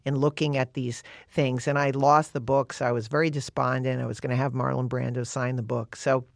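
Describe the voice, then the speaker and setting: A woman guest in an interview, telling a story in an animated, chatty way with lots of "you know" and "like". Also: a bass voice, a little fast, creaky, no room sound, studio quality. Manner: animated and chatty, with many fillers. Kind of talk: casual storytelling.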